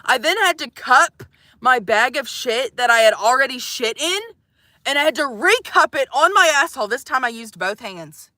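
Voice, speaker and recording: A woman's voice: sits high, lively intonation, moderate pace, pushed and bright, no echo. A young woman telling a comic, profane story to live viewers from inside a van, exasperated and swearing freely. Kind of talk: casual storytelling livestream.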